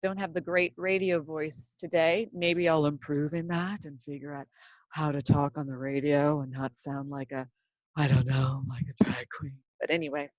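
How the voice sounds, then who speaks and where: The voice of a woman in her fifties sits low, with a flat delivery at a moderate pace, no echo, and lo-fi sound. She's a podcast host from Seattle, USA, doing a casual, chatty monologue from her home closet in a rambling, self-deprecating way.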